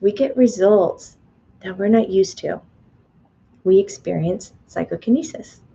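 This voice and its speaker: A woman leads a live online spirituality class, chatty and animated. She slips into little voices to act things out. Her tone is mellow and the sound comes through dull and lo-fi. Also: mid-range voice, a little slow, vocal fry, breathy edge. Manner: animated, chatty, playfully acts out the mind's voice. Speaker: spiritual teacher and medium. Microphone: webcam or computer mic on a video stream.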